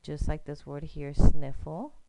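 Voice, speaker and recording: A woman's voice: deep voice, fairly even intonation, measured pace, very noisy. A woman teacher patiently explaining a screencast lesson step by step, often checking in with "okay?".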